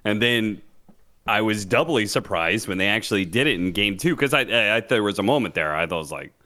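Young guy cohosting a chatty podcast, super lively up and down voice, curses a lot. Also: lowish voice, fairly quick. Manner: animated, acts out quotes, swears freely. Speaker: podcast co-host. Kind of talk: casual chat.

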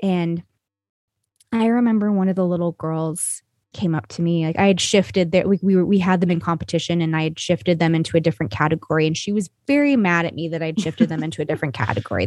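A woman's voice: on the low side, expressive, fast, a little mellow, no room sound. Woman, podcast guest, earnest and rambling storyteller, dry close sound. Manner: earnest, rambling, with frequent "you know" and "like". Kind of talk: conversational storytelling.

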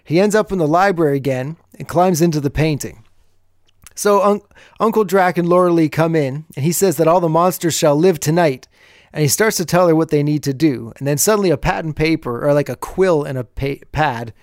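A man's voice: fairly high pitch, a little fast, no room sound, clean studio sound. A man hosting a podcast, casually recapping an old TV episode and chuckling as he retells the scenes.

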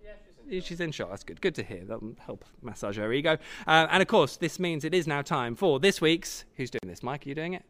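Host: jokey male football presenter, higher register, fast banter. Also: expressive, a bit bright. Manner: chatty, jokey and quick. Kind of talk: live football show presenting. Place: stadium function room.

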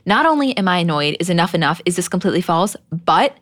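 A young woman co-hosting a podcast, talking quickly in a relaxed recap. She acts out other people's lines as she retells scenes. Her voice sits slightly low and sounds close and dry. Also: no echo. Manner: animated retelling, acting out quotes. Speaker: podcast co-host. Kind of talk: casual recap chat.

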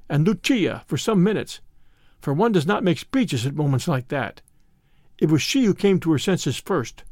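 A man narrates a story in a measured, expressive way. His voice sits slightly high and moves lively in pitch. The recording is close and dry. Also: no echo. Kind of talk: audiobook narration.

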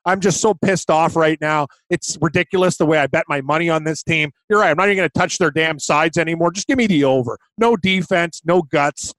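A male podcast co-host with a slightly higher-than-usual voice, sounding blunt and fed up as he talks through his picks. He rants plainly and directly. The recording is close and dry. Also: fairly quick, hardly any pauses, fairly bright tone, no room sound. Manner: blunt, exasperated ranting. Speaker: podcast co-host, hockey betting. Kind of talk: casual sports betting chat.

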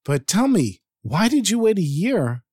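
A man's voice: high voice, big pitch swings, measured pace, a little mellow, breathy edge, dry recording, voice pushed up, exaggerated voice. A man voicing a puzzled, blunt professor who questions everything in disbelief. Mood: eager. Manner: incredulous, questioning.

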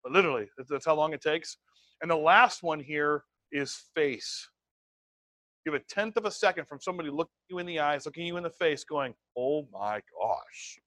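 A middle-aged man giving an energetic sales training talk, acting out voices and dropping into whispers. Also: a little high, a little fast, dry recording. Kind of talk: motivational seminar talk.

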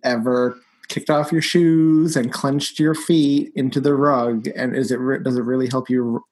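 Male co-host, mid-range voice, relaxed and wry. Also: medium pitch, measured pace, poor audio. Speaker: podcast co-host. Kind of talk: casual movie chat.

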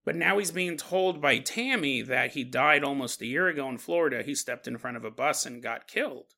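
A man's voice: mid-range voice, moderate pace, vocal fry, sharp tone. A man hosting a podcast, telling a story in a casual, conversational way with lots of fillers. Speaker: podcast host.

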